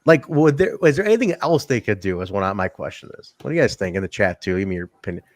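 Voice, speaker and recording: A man chatting on a podcast with a lively, swinging pitch. He talks loosely, swears freely and laughs between lines. The sound is dry and close. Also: fast, no room sound. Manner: animated, swears often, laughs a lot. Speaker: podcast co-host. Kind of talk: casual chat, wrestling review.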